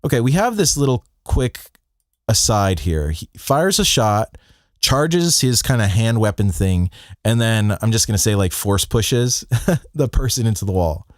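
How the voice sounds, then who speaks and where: A young adult man teaching sound design on a livestream, using deliberate pauses for emphasis. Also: lowish voice, big pitch swings, dry recording, clean studio sound.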